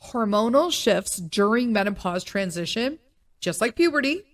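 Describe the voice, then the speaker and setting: A middle-aged woman hosting a podcast alone, chatting in an animated, joking way with loud emphatic asides, her voice still recovering from being sick. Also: on the high side, moderate pace. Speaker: podcast host. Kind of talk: casual solo podcast monologue.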